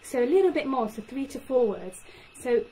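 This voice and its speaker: An animated young woman, working as a speech and language therapist, talks parents through simple tips. Her voice sits a little high. Faint background noise runs under the recording. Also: moderate pace, rough recording. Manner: animated, acts out child-directed phrases. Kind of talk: talk to parents.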